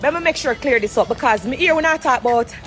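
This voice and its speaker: Jamaican woman, high-pitched, confrontational, swears freely, live from an airport on her phone. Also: animated, fast talker, a bit bright, faint music behind. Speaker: entertainer on a social media live. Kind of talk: heated live-stream rant. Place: airport corner, indoors.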